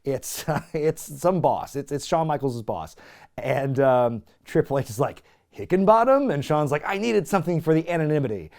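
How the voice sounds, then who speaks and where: A man hosting a comedic recap show, sarcastic and swearing freely, laughing often as he gets excited. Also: on the high side, moderate pace, gravelly. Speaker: host.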